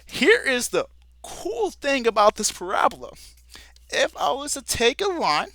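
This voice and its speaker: A man's voice: extremely high pitch, huge pitch swings, measured pace, pushed and bright, no echo, voice pushed up, full character voice. A man voicing a folksy, cheerful frontiersman guest in a math video, hammy and chatty with the listeners.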